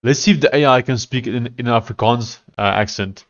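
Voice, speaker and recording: A man talks his way through a coding session in an easygoing voice, thinking out loud as he clicks through and tests things. His pitch sits in a middle range. The sound is a little dull and lo-fi. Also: fairly quick. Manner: thinking aloud while testing, easygoing. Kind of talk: casual live-coding chat.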